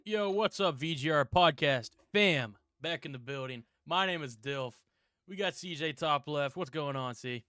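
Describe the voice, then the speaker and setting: A man hosting a casual video game podcast, loud and laughing, hyped up between jokes. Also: fairly high pitch, moderate pace, dry recording, clean studio sound. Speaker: podcast host.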